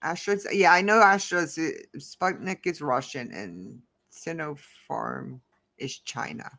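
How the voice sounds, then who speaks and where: A woman's voice: deep voice, takes it slowly, gravelly, fairly bright tone. Rambling woman ranting on a livestream. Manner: rambling, heated, talks back to the chat. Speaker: livestream host. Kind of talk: casual livestream chat reading comments.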